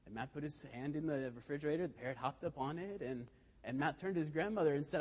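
A man's voice: fairly high pitch, fast talker. A man giving a sermon in a church, telling stories in a conversational way with frequent restarts, heard in a reverberant church hall. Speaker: lay speaker.

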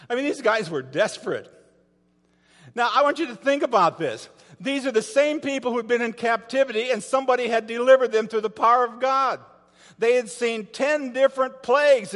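A man with a high voice delivers a sermon from the pulpit of a church sanctuary. He retells the story dramatically and keeps putting rhetorical questions to the congregation. His voice carries a long hall reverb. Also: fairly quick, a bit bright. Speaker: pastor.

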